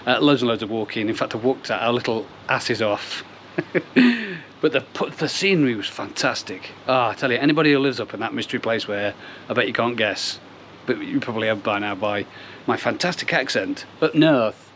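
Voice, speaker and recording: A middle-aged man hosts a casual outdoor vlog for his koi pond channel, rambling and digressing with self-deprecating jokes. His mid-range voice is fairly quick and a bit bright, with slight background noise.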